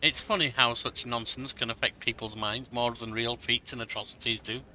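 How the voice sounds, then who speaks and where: A man's voice: medium pitch, steady tone, normal speed, pushed and bright, poor audio. A man voicing an earnest young woman advisor who brings urgent news, read aloud from a game. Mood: hopeful. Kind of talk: reading game dialogue aloud.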